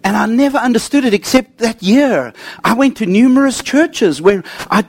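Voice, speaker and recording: A man preaching a sermon, telling humorous stories and swinging between excited highs and quiet, serious lows. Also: normal speed, no room sound. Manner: animated storytelling with jokes, swinging from high to low.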